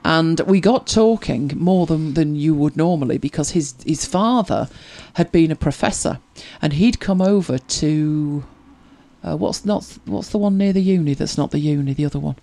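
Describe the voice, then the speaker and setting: The voice is mid-range, creaky, and mellow, moving at a moderate pace. It belongs to a tech help show host who chats casually, laughs a lot, answers viewers' questions, and repeats words at the beginning of sentences.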